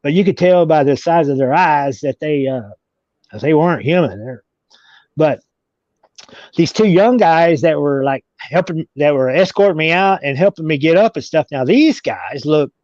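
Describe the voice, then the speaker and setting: A man's voice: a little high, expressive, moderate pace, a little mellow, dry recording. Rambling man on a muffled recording. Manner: rambling, with many restarts. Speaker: interview guest. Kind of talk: casual storytelling. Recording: dull lo-fi recording.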